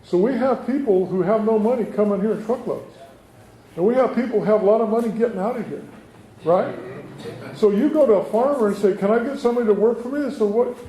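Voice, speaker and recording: A man's voice: high voice, brisk, warm tone. A middle-aged man, a state assemblyman, giving a folksy town hall speech full of rhetorical questions to residents. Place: community meeting room. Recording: echoey room, faint background noise.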